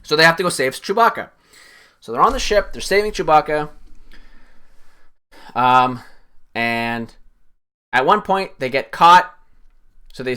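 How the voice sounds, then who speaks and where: Bright-voiced man ranting about a film. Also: mid-range voice, clear, resonant tone. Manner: rambling, frequent swearing; animated, voice jumps up when excited. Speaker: streamer. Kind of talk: casual film recap.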